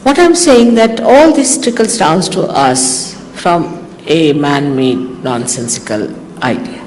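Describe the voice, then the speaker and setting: A woman's voice: deep voice, slow. An older woman with an Indian accent gives an informal, teasing talk to her followers as a spiritual teacher, acting out little exchanges as she goes. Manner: teasing, animated, acts out quoted exchanges. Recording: echoey hall, faint hiss, old archive tape.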